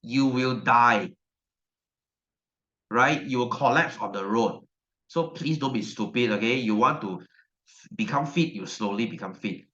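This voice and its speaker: A man's voice: mid-range voice, measured pace, pauses often, pushed and bright. A male science teacher, giving a chatty online class lecture and repeating his questions to the class. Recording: dull, roomy echo.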